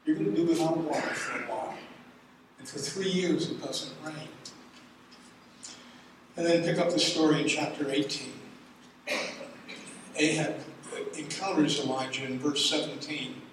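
A man preaching a sermon, reading scripture dramatically and building to loud exclamations. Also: a little high, steady tone, moderate pace, pauses often, noisy background. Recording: echoey hall from far off.

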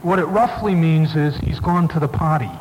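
A man's voice: a little high, moderate pace, in a large hall, a little hiss or hum, low-quality recording. A male preacher giving a sermon and retelling a story with dramatic emphasis.

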